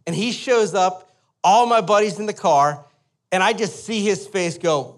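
Animated pastor telling a story in a sermon. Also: male voice, high-pitched, measured pace. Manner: animated storyteller, asks the audience to imagine.

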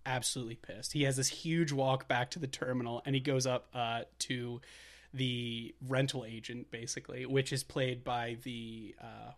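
A man's voice: medium pitch, steady tone, moderate pace, creaky. A young man co-hosting a casual podcast, retelling film scenes with frequent laughter and loose, rambling phrasing. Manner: laughs often, retells scenes, reads quotes aloud. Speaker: podcast co-host. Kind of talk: casual movie-recap chat.

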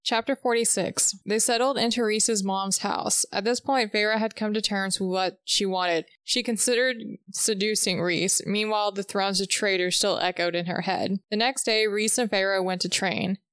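Clear-voiced woman reading a book recap. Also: mid-range voice, moderate pace, hardly any pauses, no echo, studio quality. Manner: steady, even-paced reading with dialogue read in. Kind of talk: reading a novel recap aloud.

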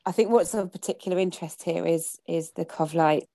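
A woman with a low, gravelly voice asks her questions haltingly, circling back and restarting as she works toward each point. Her tone is dark and mellow, and the sound is dry. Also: no room sound. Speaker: interviewer. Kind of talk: conversational interview.

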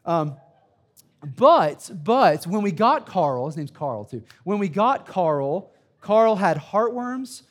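Emphatic male preacher, fairly high voice. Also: big pitch swings, slow pace. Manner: emphatic preaching with repeated "right?" and a personal story. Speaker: student pastor. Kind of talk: sermon. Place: church sanctuary.

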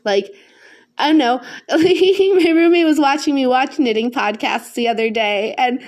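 A woman's voice: sits high, measured pace, a little mellow. Chatty woman rambling on her podcast. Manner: rambling, chatty, with frequent fillers; self-conscious and affectionate. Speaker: podcast host. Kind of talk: casual solo podcast chat.

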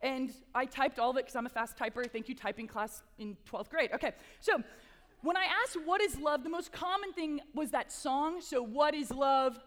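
A woman's voice: high voice, normal speed. A young woman giving a casual, chatty campus chapel talk, with playful asides. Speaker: chapel speaker, campus ministry assistant. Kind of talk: casual sermon with prayer. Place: large chapel hall. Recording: long hall reverb.

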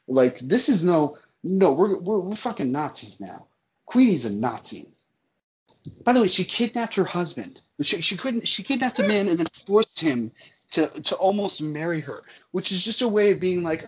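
A slightly high-voiced man in a loose, profane movie rant. He hammers his points by saying them again and again, swearing freely and sounding worked up as he talks. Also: big pitch swings, normal speed. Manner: emphatic, profane, repeats for emphasis. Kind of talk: casual movie-review rant.

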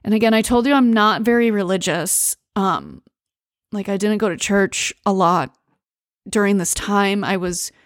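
An American woman hosting a podcast, talking through a personal story in a halting, emotional way with many pauses and restarts. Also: medium pitch, no room sound, studio quality. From United States. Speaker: podcast host. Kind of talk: personal monologue.

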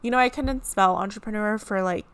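A woman's voice: mid-range voice, brisk, a bit bright, clean tone. A woman hosting her own podcast, chatting casually and giggling often, with plenty of fillers. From California. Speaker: podcast host. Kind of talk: casual chat.

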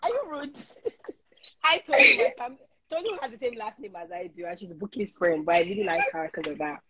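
Animated Nigerian woman, lively voice. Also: medium pitch, fairly quick, highs cut off, a little hiss or hum. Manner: laughing, expressive, greets viewers. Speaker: co-host. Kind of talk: casual faith chat on a live stream.

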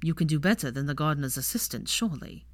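A woman voicing an aloof young wizard with a dry, deadpan way of talking. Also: low voice, quick pace, no echo. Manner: drawling, deadpan, teasing.

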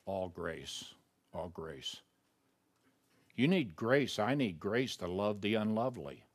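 A man's voice: on the low side, sing-song, slow. A man preaching a sermon as pastor, emphatic and reading scripture aloud.

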